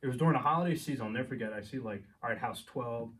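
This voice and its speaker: A man's voice: medium pitch, rapid-fire, a bit bright. A man, co-hosting a podcast in casual chat, rambling through a story with swearing and chuckles. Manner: rambling, profane, laughs while telling stories. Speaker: podcast co-host. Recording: distant mic, faint noise.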